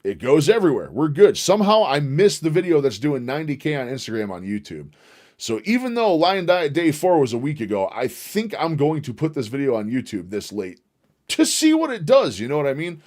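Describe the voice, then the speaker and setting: A man's voice: mid-range voice, brisk. A man hosting a casual livestream, rambling and swearing as he reacts to clips. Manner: profane, rambling, excitable. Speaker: livestream host.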